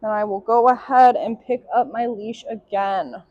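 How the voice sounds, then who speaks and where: A young woman dog trainer calmly explaining leash and obedience drills during a demonstration. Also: normal speed, dry recording, lo-fi sound. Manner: calm explanatory, sharp high commands to the dog. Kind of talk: instructional dog training demo.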